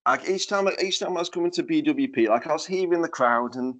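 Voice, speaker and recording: A man's voice: a little high, fast talker, a bit bright. A man, a guest on a podcast, talking casually with many "like" and "I mean" fillers over a Skype call. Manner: laid-back, lots of "like" and "I mean" fillers. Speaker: wrestler guest.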